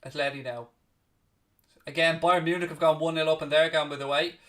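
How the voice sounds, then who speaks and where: On a distant mic, a man with a voice on the high side, fairly even intonation and a bit of brightness hosts a live football watchalong. He calls each pass in quick succession, swears freely, and is snippy and blunt with his chat.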